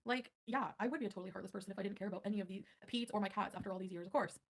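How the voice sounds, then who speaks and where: A woman's voice: medium pitch, rapid-fire, vocal fry. A woman livestreaming, ranting defensively at her viewers and answering chat. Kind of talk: livestream rant.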